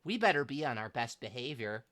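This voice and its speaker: A woman's voice: very deep voice, very animated, fairly quick, a bit bright. A woman streaming a game playthrough, reacting with dry, sarcastic remarks. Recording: game music underneath.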